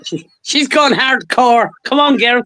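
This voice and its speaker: A woman's voice: a little high, animated, unhurried, pushed and bright, low-quality recording. An Irish woman chatting on a video call, jolly and laughing a lot, calling everyone love. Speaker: guest on a live video chat. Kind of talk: casual chat.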